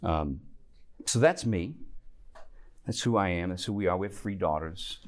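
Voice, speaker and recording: A man's voice: sits low, normal speed. A man teaching a Bible class, explaining earnestly and stopping to restart his sentences. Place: church classroom.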